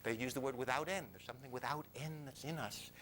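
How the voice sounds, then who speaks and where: A man telling a personal story to a live audience, confessional and animated, dropping to near whispers and rising loudly, often laughing. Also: medium pitch, quick pace, slight background noise, poor audio. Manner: confessional, swings from hushed to loud, laughs often.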